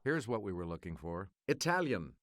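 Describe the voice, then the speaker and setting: A man hosting a quiz show, reading clues in a measured, crisp way and calling on the player to choose again. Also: sits low, very animated, a bit bright, no room sound, studio quality.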